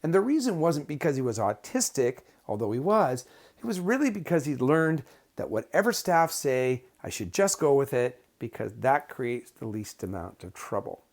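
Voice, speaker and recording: A man's voice: medium pitch, sing-song, normal speed, darkish tone. A man, teaching a course on behavior management and telling stories from his own work in plain, explanatory speech. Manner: storytelling, plain-spoken, explanatory. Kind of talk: recorded lecture with anecdotes.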